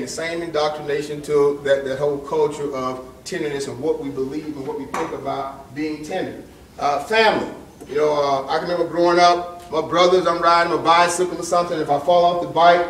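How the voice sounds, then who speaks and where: A man's voice: on the high side, slight background noise. Man in his forties lecturing in an echoey hall. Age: 40s. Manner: conversational, direct questions to the audience. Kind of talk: motivational lecture to young men. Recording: echoey hall recorded from far off.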